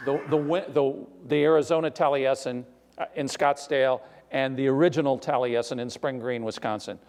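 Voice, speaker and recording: An older male author telling stories on stage before an audience, animated and self-deprecating, with frequent restarts. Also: on the high side. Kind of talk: live author conversation on stage. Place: recital hall before an audience. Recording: long hall reverb.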